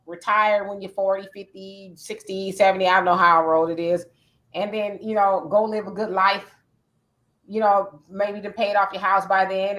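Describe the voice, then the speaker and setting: A woman's voice: mid-range voice, a bit bright. A woman hosting a casual talk show, speaking conversationally and reading listener comments aloud. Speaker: podcast host. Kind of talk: casual chat.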